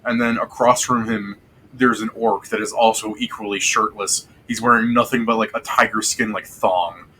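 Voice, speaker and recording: A man with a bright, forceful voice runs a tabletop game session. He rambles loosely through the scene, cursing casually, with faint noise underneath. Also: on the low side, steady tone, moderate pace, poor audio. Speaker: game master.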